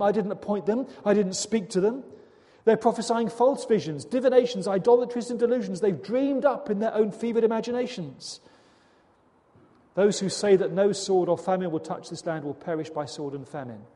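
A man's voice: high voice, fairly quick, mellow, close to an everyday voice. A man voicing God as a stern divine voice declaring judgment. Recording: long hall reverb.

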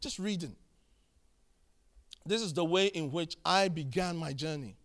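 A man preaching a sermon, emphatic and animated, telling stories and repeating key phrases. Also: on the high side, measured pace. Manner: animated storytelling, acting out dialogue.

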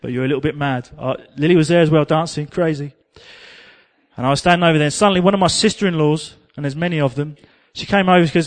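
A fast-talking man from England with a slightly high voice preaches, spinning a personal story with humor at his own expense. Now and then he sings short bits.

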